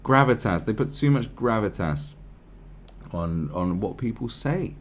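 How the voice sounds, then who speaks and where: A man's voice: lowish voice, expressive, measured pace, darkish tone, slight background noise. A man giving profane, rambling, sarcastic commentary on a news article.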